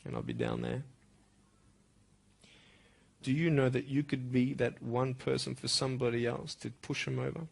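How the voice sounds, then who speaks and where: A man giving a motivational speech to school students, impassioned and swinging from soft, intimate lines to loud, emphatic ones. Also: medium pitch, expressive, moderate pace, vocal fry, long pauses, husky.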